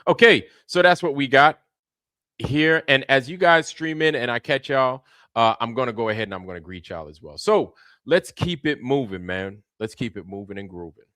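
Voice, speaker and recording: This livestream host keeps things casual, welcoming viewers by name over and over in a loose style full of slang. He has a mid-range voice with lively intonation and a fairly bright tone, speaking at a normal speed in a clean, echo-free studio recording.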